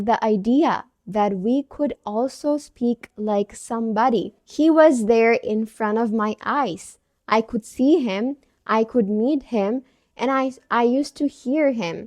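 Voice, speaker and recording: A woman's voice: on the high side, a little mellow, dry recording, clean studio sound. Earnest young woman telling her story. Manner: earnest, conversational, reflective. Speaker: English-speaking vlogger. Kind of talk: personal storytelling to camera.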